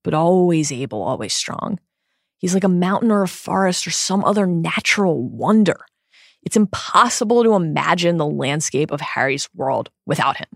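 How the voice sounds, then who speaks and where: A woman co-hosting a book discussion podcast, giving measured, reflective analysis that builds lists for emphasis. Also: on the low side, lively intonation, creaky, no room sound, clean studio sound. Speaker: podcast co-host.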